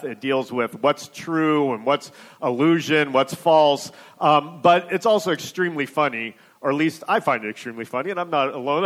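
Pastor guy giving a sermon, kinda high voice, lots of ums and uhs, keeps saying right?. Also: fairly bright tone. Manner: conversational, hesitant with frequent fillers, keeps asking "right?".

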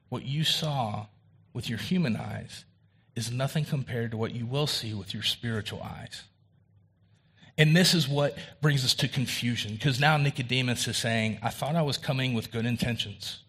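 A male pastor preaching a sermon in a conversational way, acting out quoted dialogue and rising in pitch for emphasis. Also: a bit bright, husky.

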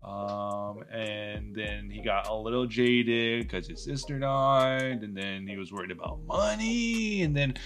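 A man co-hosting a casual podcast, telling stories in a joking, animated way. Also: on the low side, measured pace, hardly any pauses, faint music behind. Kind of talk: casual chat.

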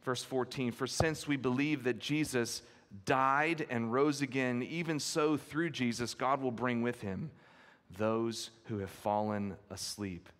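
A man's voice: medium pitch, fairly even intonation, measured pace, fairly bright tone. A male pastor delivers an expository sermon in an earnest, emphatic way. He retells stories with feeling and repeats key phrases. His mid-range voice rings out with a long reverb, as in a church sanctuary.

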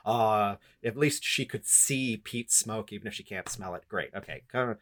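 A man with a fairly low voice recaps a novel for a podcast. He is sarcastic and rambling, with lots of fillers and swearing. The tone stays casual and loose throughout. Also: normal speed, a bit bright. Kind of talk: casual, profane book-recap chat.

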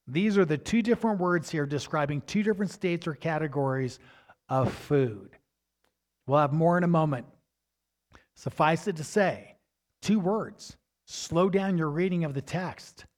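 A man preaching a teaching sermon, stressing key words emphatically and turning to his listeners with quick asides. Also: a little high. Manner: asides to the congregation, asks "right?".

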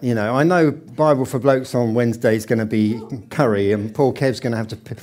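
A man's voice: mid-range voice, a little fast, hardly any pauses, a little mellow. A man preaching a sermon in church, chatting with the congregation and putting questions to them. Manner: conversational, asks the congregation questions. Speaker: pastor. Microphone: handheld microphone.

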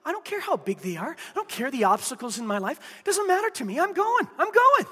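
A man preaching who acts out a bold young male warrior, declaring with fervent shouts. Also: extremely high pitch, sing-song, fairly quick, big-room sound, full character voice. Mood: fired up.

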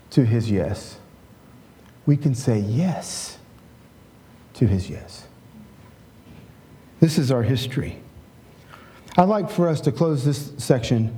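A man's voice: medium pitch, warm tone. A middle-aged male pastor giving a conversational sermon, often checking in with "right?" and leading a prayer.

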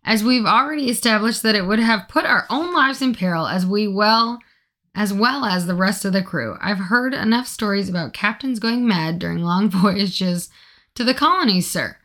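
A woman's voice: mid-range voice, moderate pace, fairly bright tone, natural voice. A woman reading as a cheeky disguised sailor girl. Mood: prim. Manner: prim, correcting, mock-haughty.

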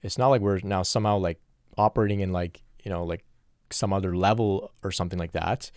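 A man's voice: sits low, fairly even intonation, brisk, darkish tone, dry recording, studio quality. A man in an earnest, reflective solo question-and-answer talk, working through spiritual questions from viewers.

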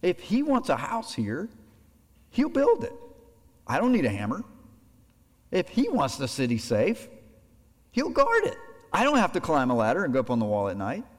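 A male pastor giving a sermon, animated, voicing imagined conversations to make his points. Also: on the high side, moderate pace, pauses often. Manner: animated preaching, acts out imagined dialogue. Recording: long hall reverb.

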